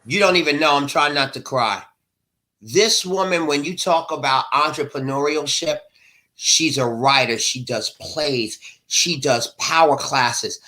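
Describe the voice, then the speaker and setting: A man's voice: fairly high pitch, measured pace, pushed and bright. A middle-aged man, an author being interviewed, speaking with passion in a preacher-like rhythm. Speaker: author guest. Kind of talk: emotional interview talk.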